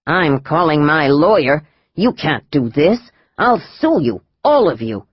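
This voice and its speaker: A man's voice: on the high side, big pitch swings, unhurried, slightly rough, dry recording, muffled recording, full character voice. A male audiobook narrator voicing a shifty middle-aged doctor who answers evasively and indignantly. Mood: defensive.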